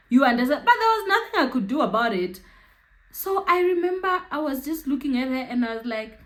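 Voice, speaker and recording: A woman's voice: high-pitched, expressive, moderate pace, a bit bright. A young woman with a South African accent telling a personal story to her viewers. She chats, laughs often and keeps checking in with them. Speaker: YouTuber. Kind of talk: storytime vlog.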